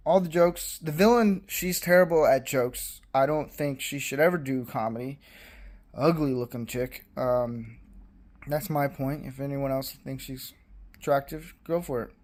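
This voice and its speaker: A man's voice: mid-range voice, unhurried, a little mellow. A man giving a casual, blunt and dismissive movie review, rambling with fillers.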